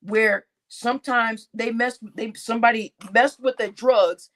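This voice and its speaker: A grown woman with a voice on the high side talks a little slowly while hosting a casual livestream. Laughing often and swearing as she reads comments, she animatedly addresses chat as "y'all."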